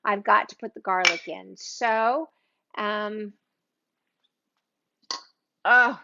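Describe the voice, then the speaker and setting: A woman's voice: mid-range voice, extremely slow, creaky, highs cut off, noisy background. A woman hosting a live cooking stream from her home kitchen, chatting with viewers by name in an exclamatory way. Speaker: cooking show host.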